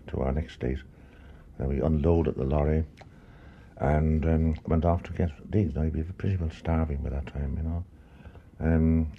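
Older male, extremely deep, gravelly, steady recollection; muffled old tape, faint hiss. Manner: steady, plain recollection with "um" pauses. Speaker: former travelling actor. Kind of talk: reminiscence.

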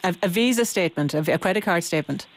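A woman's voice: fairly low pitch, expressive, fast. A woman hosting a radio phone-in, questioning callers with stammered restarts.

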